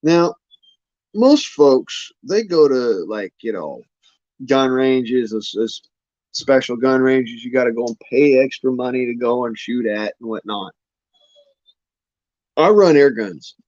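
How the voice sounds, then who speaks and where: A man's voice: medium pitch, expressive, slow pace, long pauses, darkish tone, no echo. A man rambling casually on his vlog in a folksy, drawling way, often swearing. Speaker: vlogger. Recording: muffled lo-fi dry sound.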